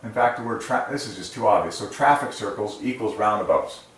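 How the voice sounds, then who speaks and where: A man's voice: fairly low pitch, lively intonation, brisk. A man hosting his channel, ranting enthusiastically in a casual monologue and laughing often. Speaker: channel host. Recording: roomy echo, distant from mic, faint noise.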